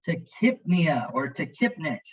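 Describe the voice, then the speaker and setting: A man's voice: on the high side, big pitch swings, unhurried, breathy edge, muffled recording. A man teaching as an EMT instructor, narrating a slideshow lecture in a jokey, conversational way and talking to students directly.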